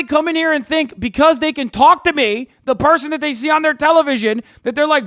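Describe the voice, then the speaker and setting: Male streamer, angry profane rant, shouting at chat, very high pitch, tight dry mic. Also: fairly quick, few pauses, no echo. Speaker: livestreamer. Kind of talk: ranting at chat on a livestream.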